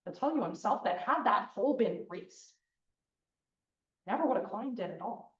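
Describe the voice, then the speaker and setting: A young woman giving a persuasive opening statement as plaintiff attorney in a mock trial, speaking in a measured way straight to the jury. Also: medium pitch, expressive. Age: young adult. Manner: measured, addresses the jury directly. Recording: dull, echoey hall from far off.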